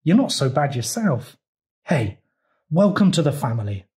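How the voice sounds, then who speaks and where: A man voicing an excitable, friendly small male frog in a storybook reading, high and eager. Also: normal speed. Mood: amazed.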